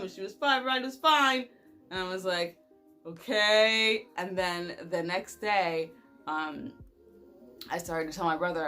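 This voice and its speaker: A young woman vlogger telling a personal story in a casual, animated way, laughing often and using lots of fillers. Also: lowish voice.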